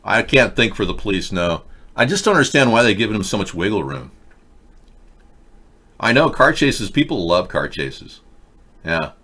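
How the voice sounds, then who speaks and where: A man hosting a live online talk show, rambling through casual commentary with wry asides to his viewers in a fairly monotone voice. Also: fairly low pitch, moderate pace, pauses often, slightly rough. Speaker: host.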